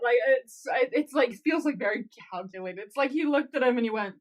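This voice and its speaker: A woman's voice: a little high, lively intonation, fairly quick. A woman co-hosting a podcast, reacting expressively and laughing often while recapping a show. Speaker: podcast co-host. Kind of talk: casual recap chat.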